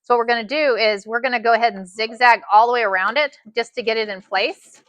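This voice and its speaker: A woman walks viewers through a sewing project in a live tutorial, chatty and folksy. Her voice is bright and slightly high, recorded close and dry. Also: steady tone, quick pace, no echo. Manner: chatty, says "y'all" a lot. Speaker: sewing instructor.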